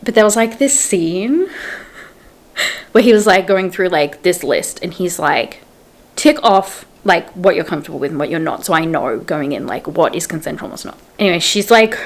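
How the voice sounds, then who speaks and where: A woman's voice: lowish voice, animated, moderate pace. Chatty young woman gushing about books. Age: young adult. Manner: chatty, retells scenes in quotes, says "like" often. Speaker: book vlogger. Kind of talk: casual book review chat.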